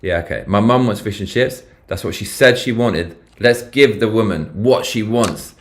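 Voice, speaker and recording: A man's voice: on the low side, moderate pace. A man with a British accent chatting casually on a live stream, swearing freely and reacting aloud as he reads. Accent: British English. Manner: swearing, excitable, reacting aloud while reading.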